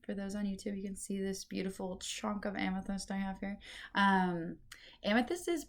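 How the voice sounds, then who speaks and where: A woman's voice: mid-range voice, normal speed, slight background noise. A woman hosting a casual solo spirituality podcast, chatty and meandering, with lots of fillers. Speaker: podcast host and intuitive reader.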